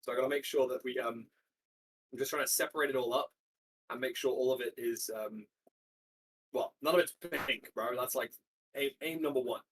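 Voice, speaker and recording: A man's voice: mid-range voice, fairly even intonation, fairly quick, long pauses, a bit bright, slightly rough. A young man chatting casually to a live stream while he cooks, rambling and slangy, swearing and trailing off mid-sentence, sometimes stepping away from the mic. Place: home kitchen.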